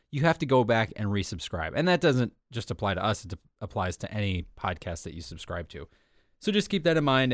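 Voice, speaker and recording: A man's voice: lowish voice, no echo, studio quality. A man co-hosting a casual tech podcast, chatting in a rambling, self-correcting way. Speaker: podcast co-host.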